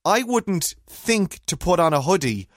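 Man, thirties, lively swooping pitch, rambling anecdotes, dry close sound. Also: unhurried, no room sound. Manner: rambling, animated storytelling with frequent restarts. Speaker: podcast co-host. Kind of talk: casual chat.

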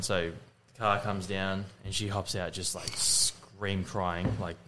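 Low-voiced guy telling a story. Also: flat delivery, slow pace, noisy background. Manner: rambling storyteller, laughs a lot. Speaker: podcast co-host. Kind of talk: casual chat.

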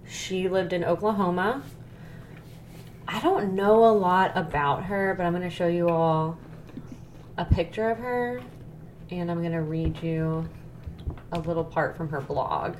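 A woman's voice: lowish voice, a little slow, pauses often, darkish tone, slight background noise. A woman co-hosting a casual podcast, talking frankly, swearing freely and laughing easily. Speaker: podcast co-host.

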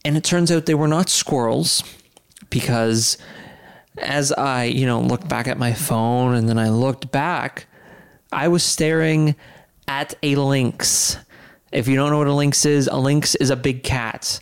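A man with a gravelly yet smooth, resonant voice tells a story on a podcast. He is animated and laughs partway through his sentences, relaxed and conversational. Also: mid-range voice, a little slow. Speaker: podcast host. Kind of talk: casual storytelling chat.

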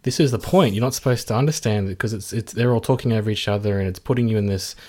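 A man's voice: lowish voice, quick pace, warm tone. Male podcast host, chatty and easygoing, frequent laughs and fillers. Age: adult, works at a university. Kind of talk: casual chat.

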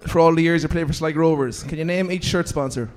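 A high-pitched man hosts a relaxed chat with former players. He prods his guests with playful, teasing questions. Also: fast talker. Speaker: podcast host. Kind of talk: casual interview chat.

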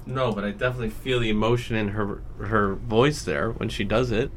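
A man talking candidly about a story in casual conversation, blunt and animated, often mimicking other people. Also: lowish voice, a little fast, slight background noise.

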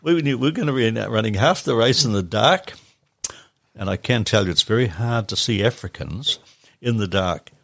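Gravelly, husky older man. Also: fairly low pitch, expressive, moderate pace, no echo. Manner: plain-spoken, matter-of-fact recollection. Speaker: podcast guest. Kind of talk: reminiscing interview answers.

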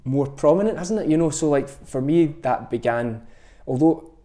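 A man's voice: fairly high pitch, expressive, normal speed, mellow. A Scottish man speaking as a podcast guest, thoughtful and reflective, often restarting his sentences. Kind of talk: reflective conversation.

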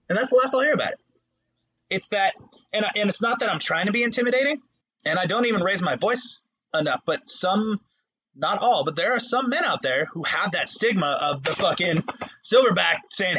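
Brief: young male co-host, husky, high-pitched and lively, big animated storytelling. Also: normal speed. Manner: animated storytelling, swears a lot, acts out voices. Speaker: podcast co-host, substitute teacher. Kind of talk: casual chat.

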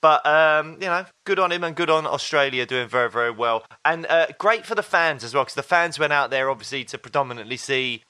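A man's voice: on the high side, a little fast, few pauses, smooth, dry recording. A man from England co-hosting a podcast, chatting casually and telling stories with quoted voices. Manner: relaxed storyteller, acts out quotes. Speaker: podcast co-host. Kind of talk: casual chat.

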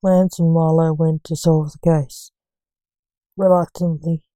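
Woman narrating a story, slow pace, low mellow voice, dry sound. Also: flat delivery, no room sound, low-quality recording. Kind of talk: reading a story aloud.

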